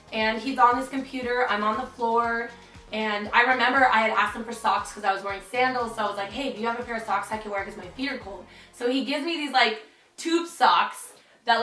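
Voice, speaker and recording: A woman's voice: a little high, bright, forceful tone. A young woman telling a dramatic story in a chatty vlog, full of "like". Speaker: vlogger. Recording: roomy, distant, faint music.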